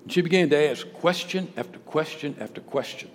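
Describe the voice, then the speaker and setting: A male pastor preaching a sermon, emphatic, swinging between loud declarations and hushed storytelling. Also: a little high, brisk. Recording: long hall reverb with faint background noise.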